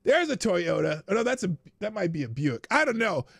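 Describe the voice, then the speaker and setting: A man's voice: sits high, very animated, a little fast, creaky, fairly bright tone, slightly rough, no echo, studio quality. A man hosting a live stream, chatting casually and rambling, with frequent laughs and restarts. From United States. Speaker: livestream show host.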